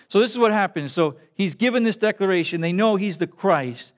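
A man preaching who reads scripture and then pauses to explain it in plain, everyday words. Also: high-pitched, animated. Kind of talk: scripture reading with casual commentary.

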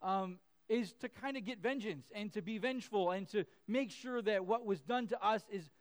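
This is a man in his thirties, a pastor, delivering a sermon at a moderate pace in a voice that sits high. He's chatty and often fills or restarts his sentences, and he voices himself and his kids whenever he quotes them.

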